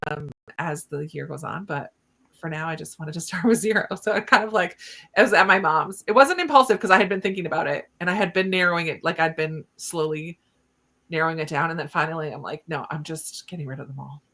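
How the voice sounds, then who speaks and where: Middle-aged woman hosting from home, rambling and chatty, with a bright tone and a lowish voice. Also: quick pace. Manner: rambling and chatty, many fillers and restarts. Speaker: host of a live reading stream. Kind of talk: casual live-stream chat.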